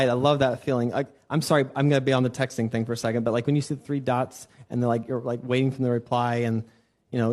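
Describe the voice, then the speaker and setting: Animated male preacher telling stories. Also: fairly high pitch. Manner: animated storytelling, acts out quoted voices. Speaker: worship pastor. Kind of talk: conversational sermon. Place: church sanctuary.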